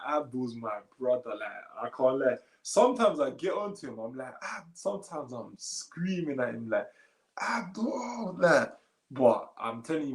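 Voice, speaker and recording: A man, a little tired, chatting casually on a live stream and reading comments aloud in relaxed slangy talk. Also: mid-range voice, roomy sound, rough recording. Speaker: streamer answering chat.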